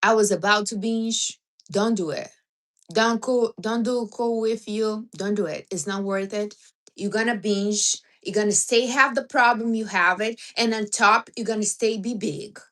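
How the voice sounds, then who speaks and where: A woman's voice: on the high side, steady tone, normal speed, fairly bright tone. Blunt, teasing woman hosting a livestream. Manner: blunt, teasing advice with non-native grammar. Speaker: livestream host. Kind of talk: casual livestream chat.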